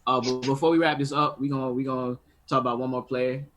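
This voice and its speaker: Bright-voiced man steering a sports chat. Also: mid-range voice, little pitch movement, fast talker. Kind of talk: casual sports debate.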